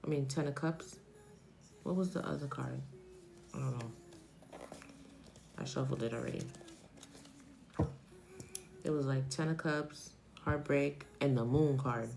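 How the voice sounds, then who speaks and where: Chatty woman with a low gravelly voice. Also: a little slow, long pauses, dark tone, slight background noise, poor audio. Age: 40s. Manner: chatty, digressive, thinks aloud. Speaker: tarot reader. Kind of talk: casual live-stream tarot reading.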